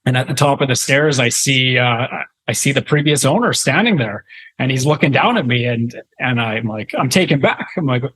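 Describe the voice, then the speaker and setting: A Canadian man in his thirties tells a story as a podcast guest in a medium-pitched voice. He rambles with plenty of fillers and restarts and chuckles as he goes. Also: expressive, normal speed, fairly bright tone, husky, low-quality recording. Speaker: guest real estate investor. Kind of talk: casual storytelling in a podcast interview.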